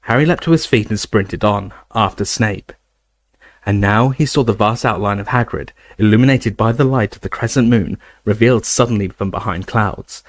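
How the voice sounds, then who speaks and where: A male narrator reads an action-packed fantasy chapter with an expressive delivery, lifting his voice for the shouts. His voice is fairly low, and the recording is dry and close with no room around it. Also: dry recording. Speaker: audiobook narrator. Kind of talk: dramatic audiobook reading.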